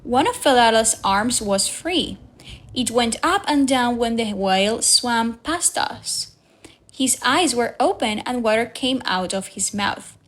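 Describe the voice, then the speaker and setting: A woman reading a storybook aloud for young learners, slow, clear and careful. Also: fairly high pitch, expressive. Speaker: reader.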